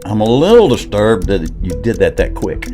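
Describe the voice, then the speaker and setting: A man's voice: fairly low pitch, very animated, moderate pace, over music. A man with a Southern US accent hosting a casual chat, rambling and joking, often laughing. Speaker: podcast host.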